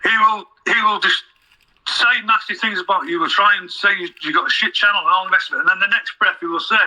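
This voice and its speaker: High-pitched gossiping man, very bright. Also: fast talker, rough recording. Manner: scornful, gossiping. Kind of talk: casual gossip chat.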